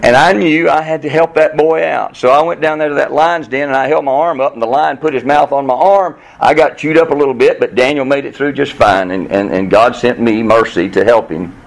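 A humble, earnest man who rambles quickly through his excuses, as a preacher puts him on. He is a gentle, weary figure from a sermon parable. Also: mid-range voice, steady tone, gravelly, lightly acted, poor audio. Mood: apologetic.

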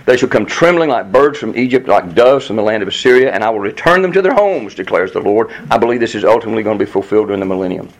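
A man's voice: expressive, racing, few pauses, rough recording. A man teaching through a Bible book verse by verse, earnest and emphatic, reading passages aloud and explaining them to a class. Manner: earnest, emphatic, rises in pitch on quoted pleas.

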